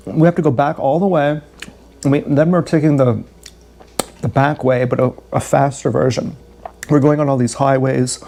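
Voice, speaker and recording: A man's voice: fairly high pitch, mellow, a little hiss or hum. A man telling a long, candid, swearing story about his day in a rambling vlog. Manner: swearing, candid, self-deprecating, repeats himself. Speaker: vlogger.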